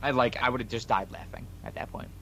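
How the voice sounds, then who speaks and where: A man's voice: medium pitch, a little fast, gravelly, a loud crowd. A man co-hosting a podcast, casually retelling a story full of quoted dialogue. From New York. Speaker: podcast co-host.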